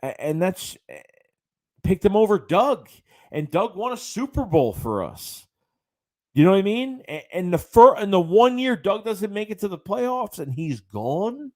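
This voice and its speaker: A man's voice: sits high, sing-song, measured pace, darkish tone. A man hosting a late-night sports livestream, ranting about his team and reading viewer chats aloud in a casual way. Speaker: livestream host.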